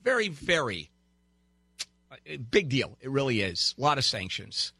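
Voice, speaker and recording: A man's voice: medium pitch, very animated, a little slow, bright, forceful tone, breathy edge, no echo. A man hosting a call-in legal advice radio show, brash and teasing, giving callers blunt advice with wisecracks.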